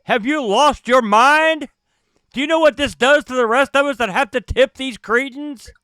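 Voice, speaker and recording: A man's voice: very high voice, moderate pace, sharp tone, clear, resonant tone, no echo, studio quality, voice pushed up. A man voicing an indignant, haughty upper-class male passenger on a ship in a tabletop game, blustering and scolding. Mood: outraged.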